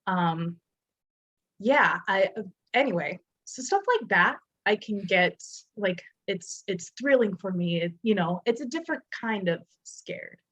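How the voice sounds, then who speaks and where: A woman's voice: medium pitch, lively intonation, measured pace, a bit bright, muffled recording. Chatty young woman podcast co-host. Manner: chatty, lots of "like" and "um" fillers. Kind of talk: casual chat.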